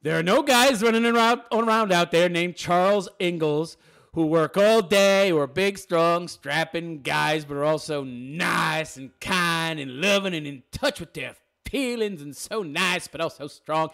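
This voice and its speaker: A man's voice: high voice, normal speed, gravelly, fairly bright tone. A man hosting a reaction commentary, reading and mocking a text in a sarcastic, crude, derisive way. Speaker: commentary channel host.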